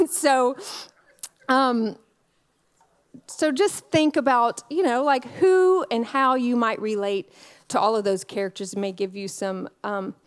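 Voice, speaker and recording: A woman with a high-pitched voice preaches in a loose, chatty way. She is candid and laughs often, and her thoughts come through with plenty of "like" and "you know" fillers. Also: slow, pauses often, clean tone. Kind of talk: conversational sermon.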